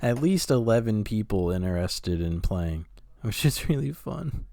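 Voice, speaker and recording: A young man co-hosting a podcast in relaxed chat, easygoing and a little hesitant, chuckling often. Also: lowish voice, a little slow, no room sound. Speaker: podcast co-host. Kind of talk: casual chat.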